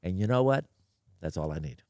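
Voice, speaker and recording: In a deep, creaky voice at a fairly quick pace, an older podcast guest tells blunt, animated stories in casual interview style, playing out both sides of conversations. The studio sound is clean, with no room noise.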